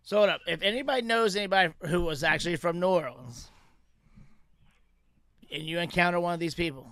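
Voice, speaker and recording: High-voiced joking podcast host. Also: male voice, brisk, a bit bright, no room sound. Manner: laughing, joking, loose and profane. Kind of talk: casual chat.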